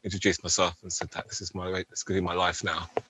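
Low, bright-voiced rave MC man. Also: level tone, fast, slight background noise. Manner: rambling, keeps saying "do you know what I mean". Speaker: rave MC, guest. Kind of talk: casual interview chat.

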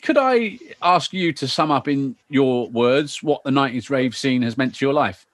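A man in his thirties hosting a podcast interview, asking relaxed, chatty questions with small hesitations. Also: mid-range voice, normal speed, dry recording. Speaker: podcast host. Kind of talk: casual interview chat.

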